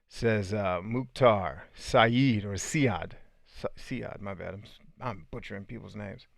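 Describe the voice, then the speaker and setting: Low-voiced man chatting on a live stream. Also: a little slow, gravelly, no echo, clean studio sound. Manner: relaxed, chatty, stumbles over names. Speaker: podcast host reading live chat. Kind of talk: casual live-stream chat.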